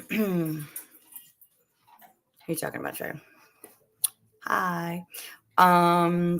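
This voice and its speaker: A woman's voice: on the low side, sing-song, takes it slowly, vocal fry, pauses often, fairly bright tone. A woman hosting a casual livestream while she cooks at home, chatting with viewers and her dogs and still coughing a little. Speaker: livestream host. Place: home kitchen. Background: dogs barking.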